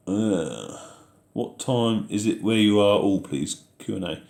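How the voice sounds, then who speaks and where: Easygoing low-voiced farmer man. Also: expressive, measured pace, gravelly, darkish tone, roomy sound. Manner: easygoing, reads out viewer questions then answers. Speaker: farming video host answering live chat. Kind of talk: casual live Q&A chat.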